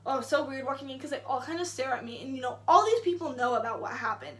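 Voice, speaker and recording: A woman's voice: high-pitched, animated, fast talker, hardly any pauses, fairly bright tone. A young woman telling a story to camera in a chatty, indignant way, full of "like" fillers. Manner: indignant retelling. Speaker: vlogger. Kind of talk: casual storytime.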